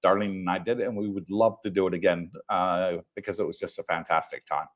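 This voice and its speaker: An older man co-hosts a livestream from home in a deep, steady-toned voice at a quick pace. He chats casually, rambling with fillers and laughing often.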